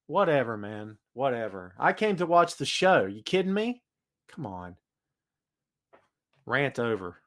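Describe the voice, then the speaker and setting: A man's voice: mid-range voice, measured pace, pauses often. A man hosting a solo wrestling podcast, ranting with energy and reading out chat comments. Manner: animated ranting, hypes predictions, reads chat comments. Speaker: podcast host. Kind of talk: solo live-stream wrestling talk.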